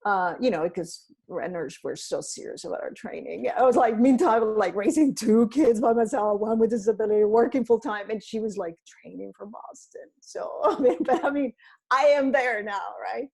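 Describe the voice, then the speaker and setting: A middle-aged woman talking as a podcast guest, rambling and animated as she tells her story and acts out what people said to her. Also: a little high, normal speed, vocal fry, breathy edge. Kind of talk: casual storytelling interview.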